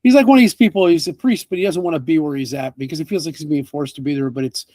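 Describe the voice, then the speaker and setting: A man narrating as game master of a tabletop game, animated and laughing, with casual fillers. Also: a little high, racing, dry recording.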